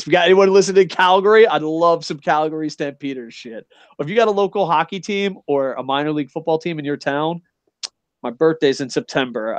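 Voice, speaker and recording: A middle-aged man hosting a casual podcast, talking in long, rambling runs full of swearing and fillers. His voice sits a little high, and the recording is dry and close. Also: dry recording. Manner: rambling, profane, enthusiastic, lots of "you know what I mean". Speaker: podcast host. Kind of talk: casual wrestling podcast chat. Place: Japan.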